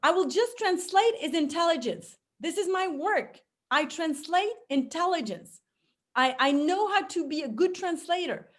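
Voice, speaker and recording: A high-pitched woman with a French accent talks through her work in an interview. She is middle-aged, a native French speaker, and her English is lively, full of fillers and self-corrections. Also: normal speed. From France. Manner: expressive, many fillers and restarts. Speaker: speechwriter guest. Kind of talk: conversational interview.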